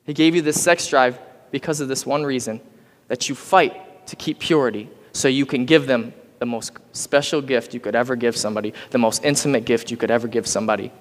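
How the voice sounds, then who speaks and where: A man's voice: medium pitch, a little fast. A man giving a youth sermon, urging the audience to respond and repeat after him. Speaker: youth pastor. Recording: long hall reverb.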